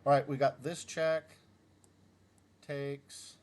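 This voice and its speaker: A middle-aged man talks to himself as he works through puzzles, in a slow, unhurried voice at an ordinary pitch. He mutters his moves one by one and mocks his own blunders with a wry, self-deprecating humor. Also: flat delivery. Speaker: chess YouTuber solving puzzles. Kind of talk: casual thinking-aloud commentary.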